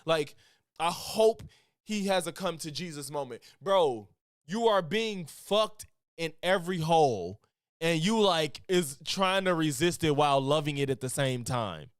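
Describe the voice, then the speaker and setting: A man talking back at a clip in a lively, argumentative way, his pitch climbing high and swinging widely. The sound is close and dry, with no room around it. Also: a little slow, clean tone, no room sound. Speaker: streamer reacting to a clip. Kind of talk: reaction commentary.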